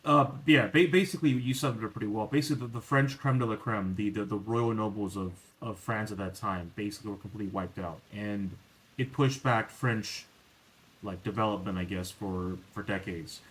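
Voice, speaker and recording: A podcast host with a lowish, slightly fast voice rambles through casual chat on a low-quality recording. Restarts and fillers crop up constantly, and exasperation makes him animated.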